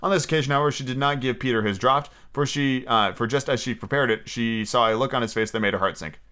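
Man at mid pitch, casual podcast host reading aloud and rambling with fillers and blunt asides. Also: quick pace, bright, forceful tone, smooth. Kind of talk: casual chat and storybook reading.

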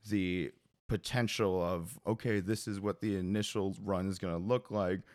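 Very deep-voiced man, dry close sound. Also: steady tone, normal speed, a little mellow, no room sound. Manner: hesitant, with many fillers and restarts. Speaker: drummer and percussionist. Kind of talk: casual interview chat.

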